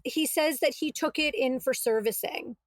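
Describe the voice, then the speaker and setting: A high-pitched woman tells a personal story on a podcast, quick to act out both sides of each exchange. Her voice is close and dry, with no room sound around it. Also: no room sound. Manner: animated, quotes herself and others, exasperated retelling. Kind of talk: casual storytelling.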